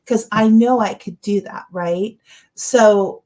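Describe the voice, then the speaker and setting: A woman's voice: medium pitch, slow, darkish tone. A middle-aged woman hosting a casual livestream, rambling and encouraging, with lots of fillers. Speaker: livestream host. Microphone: webcam or computer mic, livestream.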